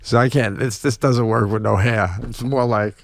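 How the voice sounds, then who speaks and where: A man's voice: mid-range voice, fairly even intonation, moderate pace, no room sound. A man co-hosting a casual comedic chat, laughing often and reassuring his friend. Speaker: co-host.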